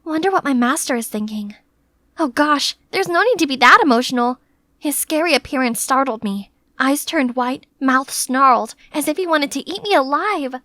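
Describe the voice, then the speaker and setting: A young woman tells her story in first person with a chatty, lively and playfully dramatic delivery. Her voice is high and bright with an edge, recorded close in a dry, dead space. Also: normal speed, dry recording. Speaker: narrator and maid character.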